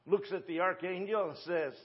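Man, 60s, pastor, high voice, folksy sermon, muffled lo-fi church recording. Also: normal speed. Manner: folksy, conversational preaching with rhetorical questions. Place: church sanctuary.

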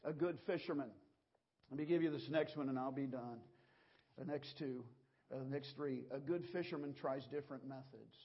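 A man's voice: medium pitch, moderate pace, breathy edge, muffled recording. A man preaching a sermon, telling stories in a folksy way. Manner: folksy storytelling preacher, acts out gestures. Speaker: pastor.

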